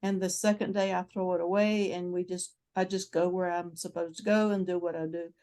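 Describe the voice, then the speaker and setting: A woman's voice: on the low side, flat delivery, fairly quick, warm tone. A woman in her seventies with a North Carolina accent, hosting a casual chat and telling travel stories in a rambling, frank way with many restarts. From North Carolina, USA. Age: 70s. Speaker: channel host.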